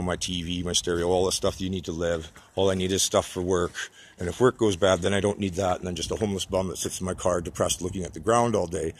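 Angry rambling Canadian man, low voice. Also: slight background noise. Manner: swears constantly, rambling and agitated. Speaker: self-employed model builder. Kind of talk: angry ranting vlog. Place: his workshop.

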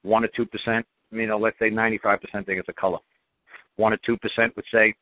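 A man's voice: fairly low pitch, level tone, quick pace, no echo. A man hosting a call-in radio show, talking bluntly and emphatically and repeating his points. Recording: dry, tinny phone-like audio.

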